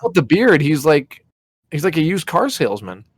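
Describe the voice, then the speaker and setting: A man's voice: on the high side, big pitch swings, moderate pace, breathy edge, dry recording. Young man, podcast co-host, rambling, profane, dry close sound. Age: young adult. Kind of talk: casual chat.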